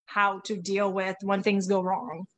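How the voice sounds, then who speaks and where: A woman guest who used to teach, chatting casually and telling lively stories with plenty of laughter. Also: mid-range voice, a little slow. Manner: lively storyteller, laughs a lot, acts out quotes. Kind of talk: casual conversation.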